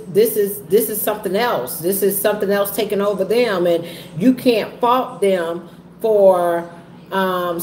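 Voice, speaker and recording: A woman talking candidly to her viewers in a halting, heavy way, often repeating herself. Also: medium pitch, a little mellow. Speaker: vlogger and trucking business owner. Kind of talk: candid personal talk to viewers. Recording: echoey room with faint ambient noise.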